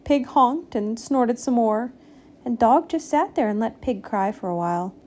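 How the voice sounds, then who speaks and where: Slow, mellow-voiced woman reading aloud. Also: on the high side. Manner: slow, expressive read-aloud with small voices for animals. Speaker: storybook reader. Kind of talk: reading a picture book aloud.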